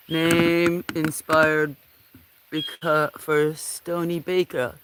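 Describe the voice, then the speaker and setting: A host livestreams from a farm among the cats at feeding time, holding a phone, chatting casually with viewers, cooing at the animals, and apologizing occasionally. The medium-pitched voice is slow and a bit bright, with vocal fry and long pauses, plus a little hiss or hum.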